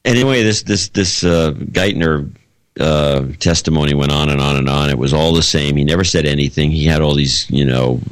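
A man's voice: a bass voice, moderate pace, clean tone, no echo. A man co-hosting a podcast in casual chat, rambling with frequent restarts. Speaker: podcast co-host.

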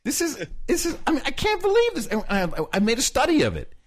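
A man's voice: very high voice, huge pitch swings, quick pace. A man co-hosting a podcast in casual chat, rambling and laughing often as he tells stories. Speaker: podcast co-host. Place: rented apartment abroad.

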